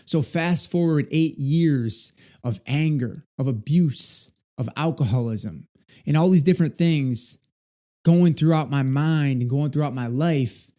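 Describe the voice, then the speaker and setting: Young adult male speaker, earnest and measured, dark mellow tone, personal storytelling. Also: a little high. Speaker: motivational speaker. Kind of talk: personal story told to an audience.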